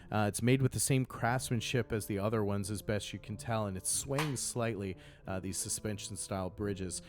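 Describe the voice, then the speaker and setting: Low-voiced game master narrating. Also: male voice, music in the background. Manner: measured, descriptive scene-setting.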